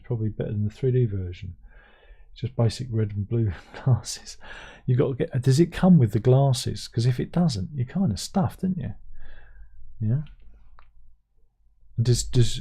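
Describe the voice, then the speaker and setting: A man's voice: mid-range voice, normal speed, dark tone, slightly rough. A middle-aged man hosting a casual livestream, who reads out viewer comments and hums to himself between them. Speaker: livestream host.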